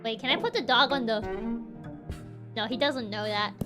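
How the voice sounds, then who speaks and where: A woman's voice: fairly high pitch, normal speed, music in the background. A woman streamer giving casual, giggly game commentary, playful and laughing often.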